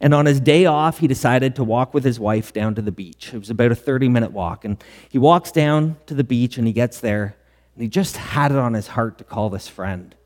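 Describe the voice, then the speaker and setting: A man's voice: medium pitch, a little fast, darkish tone. A middle-aged male pastor preaching a sermon, telling stories in an earnest way with quoted dialogue. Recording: long church hall reverb.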